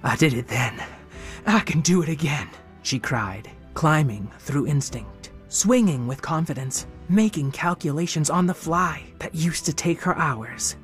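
A narrator reading a scripted adventure story expressively, dropping into whispers at moments. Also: medium pitch.

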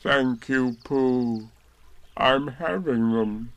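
A man voicing a gloomy, mournful old male donkey in a storybook reading, talking slowly and drawn out. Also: on the high side, animated, pitched above the performer's own voice, heavily acted. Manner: slow, drawn-out, sorrowful.

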